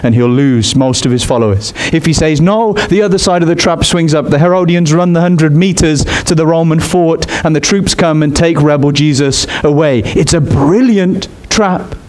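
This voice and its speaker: A man preaching a sermon in an expressive way. He climbs high in pitch on his emphatic points. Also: moderate pace, hardly any pauses.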